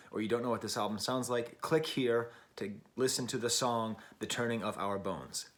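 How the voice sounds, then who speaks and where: An American man hosts his own casual album review, musing aloud, wandering off on tangents and searching for the right words. His voice is mid-range and a bit bright.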